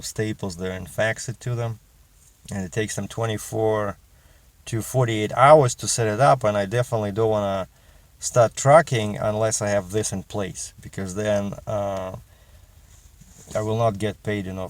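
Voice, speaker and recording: A man's voice: lowish voice, no room sound. A middle-aged man with a Russian accent, chatting in a casual vlog as a truck driver and rambling with many fillers and restarts.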